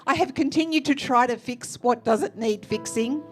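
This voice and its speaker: An Australian woman telling a personal story on stage in a lively, expressive way, acting out the people she quotes. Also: high-pitched, normal speed, soft background music. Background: faint musical accompaniment.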